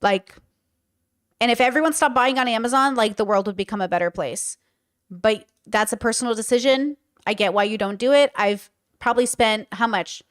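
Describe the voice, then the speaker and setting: A woman's voice: fairly high pitch, normal speed, dry recording, clean studio sound. A young woman giving casual, opinionated commentary with many fillers as host of a reaction show. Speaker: host reacting to a podcast clip.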